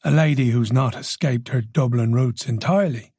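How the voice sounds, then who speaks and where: A man's voice: mid-range voice, normal speed, warm tone, husky, no room sound. A man voicing a reserved, polite middle-aged detective with dry, guarded replies in an audiobook.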